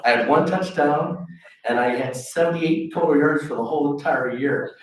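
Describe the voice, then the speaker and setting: A man's voice: fairly high pitch, moderate pace. A middle-aged man, a golf pro, giving a self-deprecating storytelling speech at a luncheon. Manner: anecdotal, self-deprecating, animated quotes. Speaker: golf pro, guest speaker. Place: luncheon hall. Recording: echoey hall, voice from far off.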